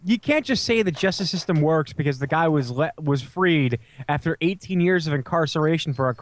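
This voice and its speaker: A man's voice: fairly high pitch, expressive, brisk. A man in casual podcast discussion, arguing his point through sarcastic analogies.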